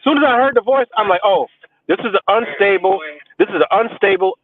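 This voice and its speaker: Heaping profane, boastful contempt on a message, this man hosts a live stream in a high-sitting voice. The sound is dry and tinny, phone-like, with no room sound.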